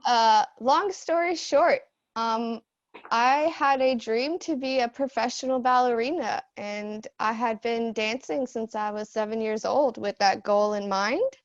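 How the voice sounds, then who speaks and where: A woman's voice: fairly high pitch, no echo. A young woman in a casual group Q&A, earnestly telling a personal story with many fillers like "um" and "like". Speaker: idol dance group member. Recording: dull, dry lo-fi audio.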